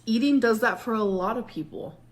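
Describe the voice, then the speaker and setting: A woman's voice: a little high, brisk. Candid woman full of "like". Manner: candid, filler-heavy with "like". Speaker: streamer answering viewers. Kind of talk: casual live stream talk.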